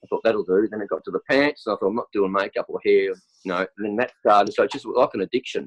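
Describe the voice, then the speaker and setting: An Australian man with a cold chats quickly as a podcast guest, piling story on story with plenty of fillers. His voice sits a little low and he rarely pauses. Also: low-quality recording. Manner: rambling, chatty storytelling with many fillers. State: has a cold, clears throat. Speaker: interview guest, football superfan. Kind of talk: casual chat.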